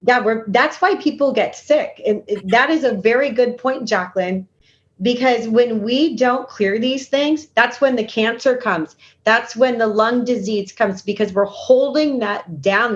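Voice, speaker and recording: Earnest woman healer, lo-fi sound. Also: a little high. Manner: earnest, coaching, acts out inner dialogue. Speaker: guest, intuitive healer. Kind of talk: conversational interview. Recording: dull lo-fi remote audio.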